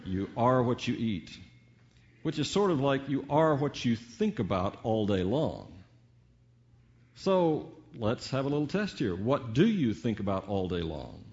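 An older man preaching a sermon with dramatic swings between booming peaks and hushed asides, full of rhetorical questions. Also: very animated, measured pace, dull audio.

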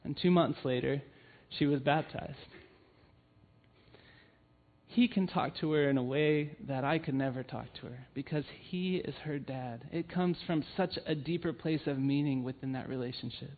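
A man with a fairly high pitch speaks at a normal speed as he gives a sermon. He leads family ministry at his church and recounts personal stories sincerely, with plenty of "um"s. The sound is tinny, much like a phone call.

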